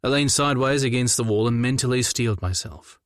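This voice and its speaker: Brief: young adult man, first-person audiobook narrator, wry delivery, mid pitch, dry close sound. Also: fairly quick, dry recording.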